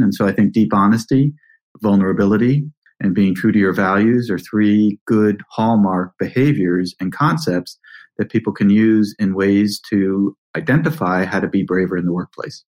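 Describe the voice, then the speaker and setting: A podcast host with a fairly low male voice puts questions to his guest in a measured way. He often sums up the key ideas for the listeners. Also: a little mellow. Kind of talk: interview questions.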